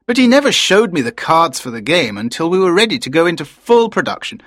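A man's voice: on the high side, very animated, brisk, fairly bright tone, dry recording, clean studio sound. A man voicing a proud, enthusiastic production director in his late fifties, in audiobook character dialogue.

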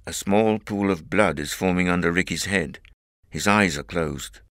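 Low bright-toned male narrator. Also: normal speed, dry recording, studio quality. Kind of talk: scripted audiobook narration.

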